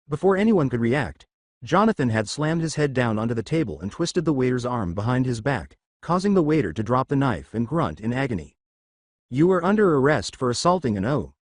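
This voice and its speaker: A man narrating a fanfiction story with an even, steady reading. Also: medium pitch, no echo, studio quality.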